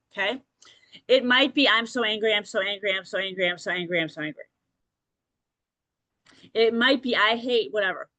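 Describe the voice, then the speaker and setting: A woman's voice: a little high, a bit bright, dry recording. A woman hosting a podcast, talking directly and encouragingly to listeners and often checking in with "okay?". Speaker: podcast host. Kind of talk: motivational podcast talk.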